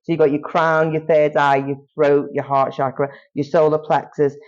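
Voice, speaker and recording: High-voiced rambling man, lo-fi sound. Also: flat delivery, moderate pace. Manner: rambling, many fillers and restarts. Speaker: podcast guest. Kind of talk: casual chat. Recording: dull lo-fi recording.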